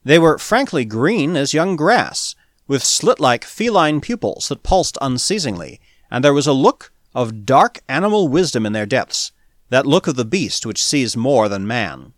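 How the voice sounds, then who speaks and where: A man narrates an audiobook, measured yet expressive, in a storyteller's manner. His voice sits in the mid range, and the dry recording has studio quality.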